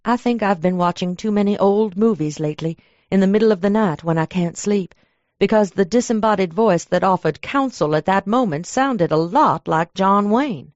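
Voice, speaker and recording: A woman narrating a first-person audiobook in a lively, chatty storytelling manner. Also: mid-range voice, normal speed, dry recording. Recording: dull lo-fi dry recording.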